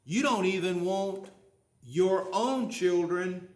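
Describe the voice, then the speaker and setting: A man's voice: high voice, slow, darkish tone, roomy sound. A man, preaching a sermon in a folksy, conversational way, full of questions to the congregation. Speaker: pastor.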